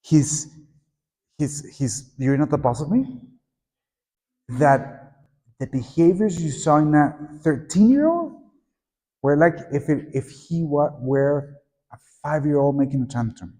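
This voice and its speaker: A middle-aged man leads a workshop for teachers, lively and prompting the audience to repeat and join in. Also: a little high, measured pace. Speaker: teacher trainer. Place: conference room at a teachers' meeting. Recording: echoey conference hall.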